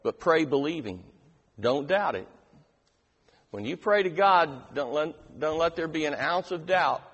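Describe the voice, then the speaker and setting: A man preaching a slow sermon, his voice lively and swinging up and down as he stresses each line of scripture. His pitch sits a little high for a man. His voice carries a long reverb, as if in a large church hall. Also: breathy edge. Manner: emphatic scripture reading, slows and rises on key lines.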